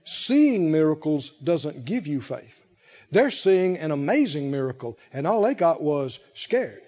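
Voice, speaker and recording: A male preacher giving a sermon to a congregation, animated and playful, often laughing and acting out scenes. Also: a little high, measured pace, lo-fi sound. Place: church service with congregation.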